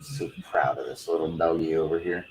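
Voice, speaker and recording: A man's voice: extremely low pitch, fairly even intonation, a little fast, darkish tone, slight background noise. A man chatting casually on a live stream from his home, rambling through a story with lots of fillers. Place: home, indoors.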